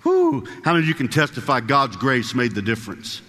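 Male preacher, bright pushy voice, chats with the crowd, reads verses slow. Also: medium pitch, huge pitch swings, long reverb tail. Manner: conversational, asks the congregation questions, reads scripture slowly. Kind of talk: sermon.

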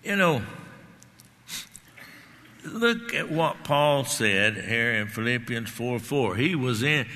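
A man's voice: medium pitch, animated, slow pace, long pauses, sharp tone. A man preaching a sermon with emphatic delivery, repeating key words and rising on lines of scripture. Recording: long hall reverb.

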